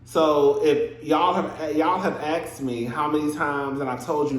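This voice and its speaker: A young man talks through a reality TV episode in a casual, animated way, often bursting into laughter. His voice sits a little high for a man. The sound bounces around an echoey room. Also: unhurried. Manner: animated, laughing, acts out scenes in exaggerated voices. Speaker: reality TV recap host. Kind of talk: casual recap commentary.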